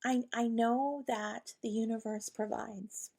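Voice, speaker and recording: A woman's voice: on the high side, steady tone, slow, gravelly, mellow. A woman hosting a podcast, talking casually and ramblingly about spiritual guidance, with lots of fillers and quoted inner dialogue. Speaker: podcast host, intuitive channeler.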